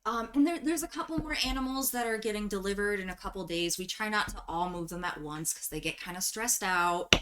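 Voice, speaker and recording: A woman's voice: mid-range voice, brisk, hardly any pauses, fairly bright tone. Casual woman game master narrating. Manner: casual, chatty, many fillers.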